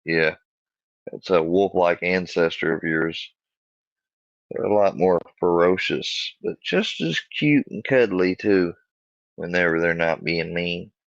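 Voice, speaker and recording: Gravelly man rambling to his dog. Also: low-pitched, no room sound, lo-fi sound. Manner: rambling, profane, halting restarts.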